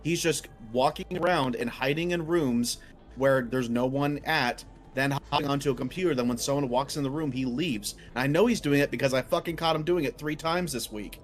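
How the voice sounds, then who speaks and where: This podcast co-host, medium-pitched and fairly quick, tells a venting story about a coworker in casual chat. He's heated and swears, acting out the quotes in a raised voice.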